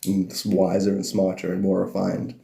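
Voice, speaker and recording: A man's voice: low-pitched, monotone, moderate pace, creaky, mellow, reverberant. A man hosting a live stream, rambling loosely about spirituality and cats and drifting between topics. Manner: meandering, free-associating, laughs often, slips into silly voices.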